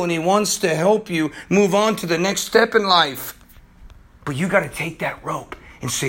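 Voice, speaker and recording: A man preaching on his own program in an impassioned, pleading sermon, his voice going hoarse, with soft guitar music behind him. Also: normal speed. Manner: impassioned, pleading, swings from loud to low and intense. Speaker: preacher hosting a religious program.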